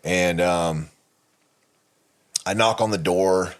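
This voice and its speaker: A man's voice: deep voice, takes it slowly. A man co-hosting a podcast, telling a candid personal story in a rambling way, with many fillers and restarts and frequent swearing. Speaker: podcast co-host.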